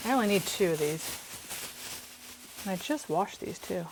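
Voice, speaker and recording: A woman's voice: lowish voice, lively intonation, moderate pace, slight background noise. A woman chatting casually while she cooks, rambling and interrupting herself, from the United States. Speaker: home cook and streamer. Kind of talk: casual cooking chat.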